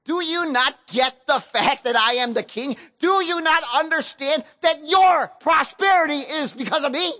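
A man preacher acting out an arrogant ancient king who shouts indignant questions. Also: sits high, unhurried, full character voice. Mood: furious. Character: proud furious ancient king, male adult.

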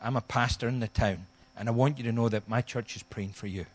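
A middle-aged man preaching a sermon, telling a humorous story with animated, acted-out quotes. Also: mid-range voice, brisk. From Scotland. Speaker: guest pastor.

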